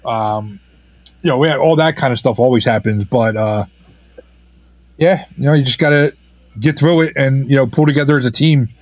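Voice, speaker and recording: A filmmaker being interviewed, who talks in a halting, casual way, full of fillers and restarts. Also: male voice, mid-range voice, no echo, low-quality recording. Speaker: filmmaker guest.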